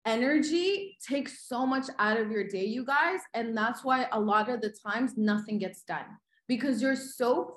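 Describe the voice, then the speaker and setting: Animated woman with a high voice. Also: roomy sound. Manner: animated, frequent "like" and "right?". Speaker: podcast guest. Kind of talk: motivational livestream talk.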